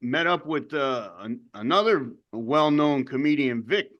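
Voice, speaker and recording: A man's voice: mid-range voice, animated, measured pace, dull audio. A man hosting an interview show, talking in a laid-back, easygoing way. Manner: laid-back, laughs easily. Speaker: host. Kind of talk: casual interview chat.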